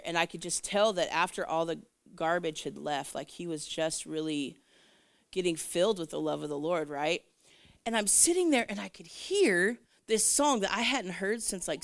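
Woman minister sharing a faith testimony, lowish voice, lively, laughs a lot, dry close sound. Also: smooth, no echo. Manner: animated, laughing, acts out quoted voices. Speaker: Christian minister. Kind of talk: personal testimony, casual storytelling.

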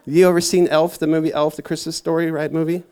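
A man's voice: fairly high pitch, flat delivery, fast, darkish tone, clear, resonant tone. A man giving a casual, rambling sermon to a youth group, full of fillers and self-mocking asides. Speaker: youth church speaker.

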